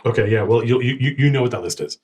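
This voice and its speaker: A man narrating as game master, talking in a rambling, halting way with many restarts. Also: medium pitch, darkish tone, slightly rough.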